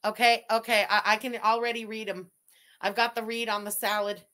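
A woman's voice: fairly high pitch, level tone, a little fast, bright, forceful tone. A woman from Quebec doing blunt, profane reaction commentary, mocking what she watches. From Quebec, Canada. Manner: blunt, mocking, swears freely.

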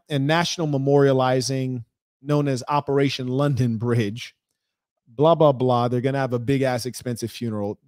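A man's voice: mid-range voice, darkish tone, no echo, clean studio sound. A man, hosting a podcast and giving blunt, profane, mocking commentary. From United States. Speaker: podcast host. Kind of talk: ranting commentary.

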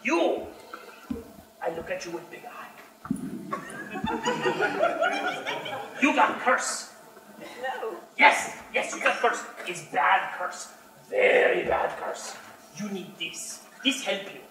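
A man's voice: extremely high pitch, wildly swooping pitch, extremely slow, long pauses, background noise, pitched above the performer's own voice, full character voice. A man doing a scheming goblin peddler. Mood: wheedling. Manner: broken clipped English, wheedling sales patter. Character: scheming male goblin merchant peddling curses. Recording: roomy hall, mic at a distance.

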